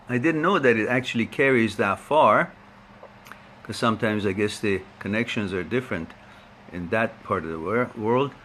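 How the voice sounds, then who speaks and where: Slow, bright-voiced chatty man. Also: mid-range voice, slight background noise. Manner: chatty, laughs often, rambling. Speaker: host of a live online talk. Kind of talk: casual chat greeting viewers by name.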